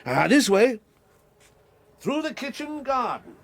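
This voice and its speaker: A man's voice: very high voice, sing-song, slow pace, gravelly, a little hiss or hum, heavily acted. An actor playing a hearty, talkative old country squire in a radio drama, rambling and fatherly. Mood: genial. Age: older. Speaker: Squire Hamley. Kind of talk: 1980s radio drama acting.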